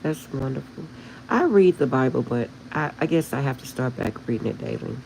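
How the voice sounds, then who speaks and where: A woman's voice: extremely low pitch, animated, moderate pace, gravelly, a little mellow, slight background noise, poor audio. A woman hosting a spiritual livestream, talking to her viewers in a heartfelt, emotional way. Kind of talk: casual livestream chat with viewers.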